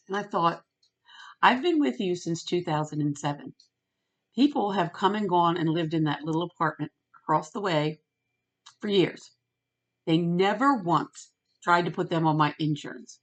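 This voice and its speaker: A middle-aged woman ranting in a storytime vlog, retelling a phone call and quoting both sides with lively emphasis. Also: fairly low pitch, normal speed. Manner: animated, retells phone calls with quoted voices. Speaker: vlogger.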